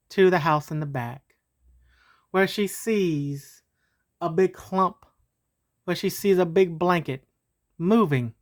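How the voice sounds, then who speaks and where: A woman telling a homemade story in a casual, meandering way. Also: on the low side. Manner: casual, meandering, with fillers and restarts.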